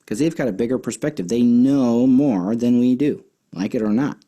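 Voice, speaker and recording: Male children's Bible teacher, mellow voice, chatty and rambling with fillers, casual storytelling delivery. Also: medium pitch, normal speed. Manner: chatty, with many fillers and restarts.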